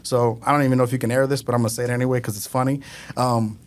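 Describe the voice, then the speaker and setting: A man telling casual stories as a podcast guest, animated and often laughing as he talks. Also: medium pitch, rapid-fire. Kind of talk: casual storytelling.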